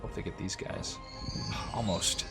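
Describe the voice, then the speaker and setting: A man giving casual, chatty commentary while he plays a strategy game, often talking to the units on screen. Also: slow pace. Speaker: gameplay commentator. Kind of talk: casual let's-play commentary. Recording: faint music behind the voice. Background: faint game music.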